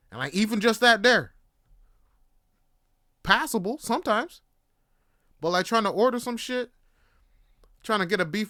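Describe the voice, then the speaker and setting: A man's voice: sits high, lively intonation, unhurried, pauses often, sharp tone, no room sound, clean studio sound. Laid-back rambling young man. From Canada. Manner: laid-back, rambling, swears, frequent fillers. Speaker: podcast host. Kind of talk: casual monologue.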